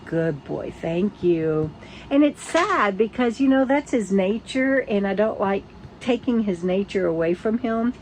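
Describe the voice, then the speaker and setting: An older woman chatting to camera from her RV, tired, halting and rambling with restarts and soft laughs. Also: on the high side, slight background noise, low-quality recording. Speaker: vlogger. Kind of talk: casual morning chat to camera. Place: inside her RV.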